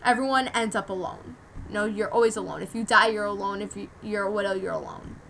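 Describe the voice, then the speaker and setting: A woman's voice: medium pitch, quick pace, gravelly, fairly bright tone, slight background noise, low-quality recording. A teenage girl from the United States telling a rambling, heartfelt story in a personal vlog, full of "like"s. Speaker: vlogger.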